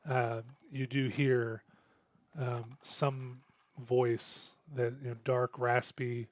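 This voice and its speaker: Flat-voiced male game master, halting. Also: mid-range voice, no echo. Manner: halting, many fillers and restarts. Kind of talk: narrating a tabletop game.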